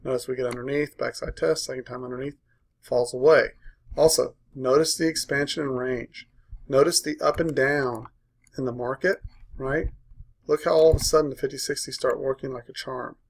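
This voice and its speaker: A man's voice: mid-range voice, steady tone, moderate pace, gravelly. A man coaching a live trading room, walking through a chart in short punchy phrases and checking in with "right?" after each point. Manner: walks through a chart aloud.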